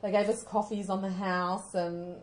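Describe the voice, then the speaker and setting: An Australian woman co-hosting a podcast, telling stories in a casual, animated way and often laughing as she talks. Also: medium pitch, normal speed, over a noisy crowd. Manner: animated storytelling, often laughing mid-sentence. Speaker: podcast co-host.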